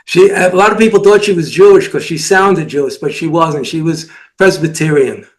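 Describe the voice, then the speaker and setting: A man with a notably high-pitched voice chats casually as co-host. He strings together anecdotes and lists of names. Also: normal speed. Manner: anecdotal, lists names, retells old jokes. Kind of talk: casual chat.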